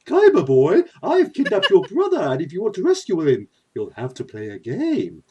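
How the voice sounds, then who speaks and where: A man voicing a flamboyant, creepy male villain in a high, sing-song, leering voice. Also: huge pitch swings, normal speed, a little mellow, slightly rough, exaggerated voice.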